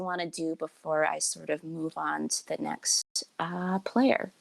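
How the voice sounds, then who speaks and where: A woman narrating a tabletop game as game master in a relaxed, hedging way. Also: low-pitched, takes it slowly, vocal fry, no room sound.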